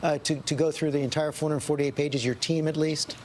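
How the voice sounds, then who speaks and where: A man's voice: a little high, steady tone, fairly quick, darkish tone, slight background noise. A man anchoring a live TV news interview, probing and cutting in with questions.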